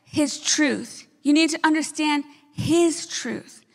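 A woman pastor delivering an energetic sermon, often checking in with the congregation with quick asides. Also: sits high, creaky, in a large hall. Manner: energetic preaching with frequent "right?" asides.

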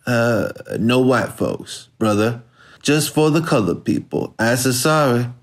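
A man voicing a big, tough male nightclub bouncer who talks softly, slowly and mockingly. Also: medium pitch, animated. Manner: soft, slow and drawling.

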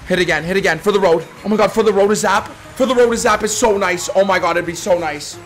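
A young man streaming slots live to his chat, swearing constantly and bursting into screaming hype, his voice going hoarse. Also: high-pitched, fast, hardly any pauses, fairly bright tone. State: losing his voice. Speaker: gambling streamer. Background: faint slot game music.

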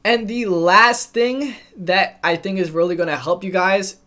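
A young man with a fairly high voice coaches his viewers on trading. He speaks directly and plainly, like a mentor giving advice to camera. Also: unhurried, few pauses, bright, forceful tone. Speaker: trading educator. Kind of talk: scripted narration.

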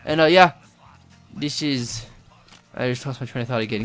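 A young man giving live gameplay commentary, excitable and rambling, swearing and yelping often. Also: medium pitch, normal speed, no room sound, soft background music.

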